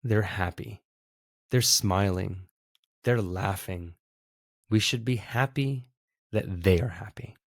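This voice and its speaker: A man voicing a calm, gently amused elderly male monk. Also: fairly low pitch, slow pace, creaky, long pauses, dry recording, clean studio sound, heavily acted. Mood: serene.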